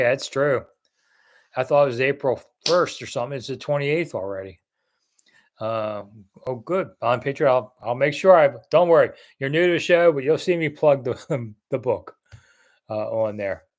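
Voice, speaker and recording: A man's voice: mid-range voice, lively intonation, moderate pace. Chatty man from Washington, D.C. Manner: rambling, chatty, answering viewer comments one by one. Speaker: host. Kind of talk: casual live-stream chat.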